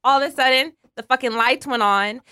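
A woman's voice: sits high, fairly quick, bright, forceful tone, smooth, no room sound, clean studio sound. A woman co-hosting a casual podcast chat, telling a story emphatically and swearing freely. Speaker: podcast co-host.

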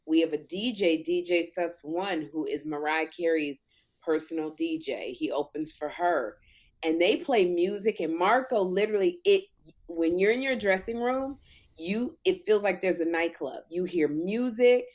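A woman comic telling a story in lively chat, acting out quotes in a loud voice. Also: lowish voice, moderate pace. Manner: animated, acts out quotes loudly. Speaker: talk show host and comic, guest.

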